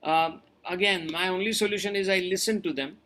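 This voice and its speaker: Bright, high-voiced man giving earnest advice. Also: steady tone, fairly quick. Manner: earnest, advising, repeats key points. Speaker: doctor answering webinar questions. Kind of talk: webinar talk with audience questions.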